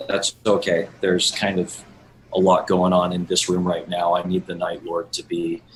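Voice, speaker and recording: A man playing a tabletop game, asking about his moves in an unhurried casual way and laughing often. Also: low voice, completely flat delivery, a little hiss or hum, rough recording. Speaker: player.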